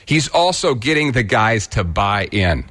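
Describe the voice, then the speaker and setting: A man's voice: fairly low pitch, very animated, measured pace, a bit bright. A man from Kansas with a rural Kansas accent, giving blunt, folksy opinion commentary as a radio host.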